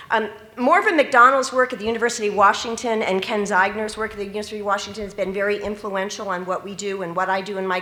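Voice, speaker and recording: A woman's voice: medium pitch, bright, forceful tone. A middle-aged woman, a teacher educator, giving an earnest conference talk and asking the audience questions. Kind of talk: conference presentation. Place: conference hall. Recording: echoey conference room.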